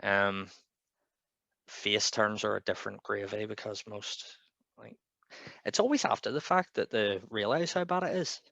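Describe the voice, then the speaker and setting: Bright-voiced chatty male podcast host. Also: lowish voice, vocal fry, no room sound. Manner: chatty, laughs often, quick asides. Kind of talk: casual wrestling chat.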